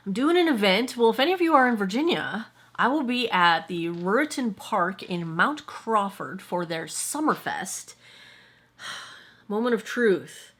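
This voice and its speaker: A woman's voice: medium pitch, sing-song, a little slow, a bit bright. A woman in her forties giving a casual, rambling skincare review at home as a vlogger, often correcting herself mid-sentence. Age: 40s. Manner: rambling, self-correcting, chatty. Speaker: skincare vlogger and product maker. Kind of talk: casual chatty product review. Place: at home, indoors, filming in front of a monitor.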